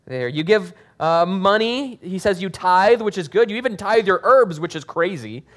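A man preaching to his congregation in a fairly high voice. He reads scripture with slow, shouted emphasis on the warnings. Then he drops into relaxed, joking talk to explain it. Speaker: pastor. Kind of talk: sermon.

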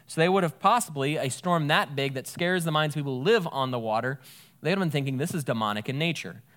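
A man's voice: mid-range voice, fairly bright tone, clear, resonant tone. Man teaching scripture conversationally. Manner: casual, thinks aloud, corrects himself mid-sentence. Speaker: Bible teacher.

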